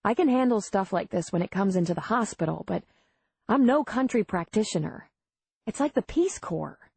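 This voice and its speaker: A woman's voice: mid-range voice, lively intonation, normal speed, creaky, a little mellow, husky, no room sound. A woman voicing a candid, earnest widowed midwife from the city in an audiobook. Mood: troubled.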